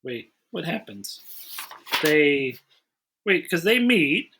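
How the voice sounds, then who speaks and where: A man's voice: fairly high pitch, very animated, slow pace, background noise. A man hosting a casual movie review podcast, rambling through recaps and acting out scenes. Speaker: podcast host.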